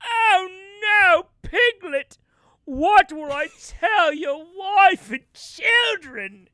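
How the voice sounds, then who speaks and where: A tearful, theatrical actor who wails and cries out each line as if on a grand stage, played by a woman. The voice sits high and bright, leaping wildly in pitch and dragging out words for effect. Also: lively intonation, drawn-out words, dry recording, studio quality, heavily acted. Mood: melodramatic. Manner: wailing, over-the-top melodrama. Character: overdramatic hammy male actor, tearful and theatrical. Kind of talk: improvised comedy bit.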